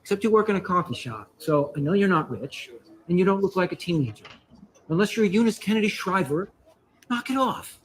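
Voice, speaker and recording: An actor playing an irritated coffee shop customer who lectures sarcastically in a played-back sketch clip. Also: male voice, sits high, expressive, brisk, low-quality recording. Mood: sarcastic.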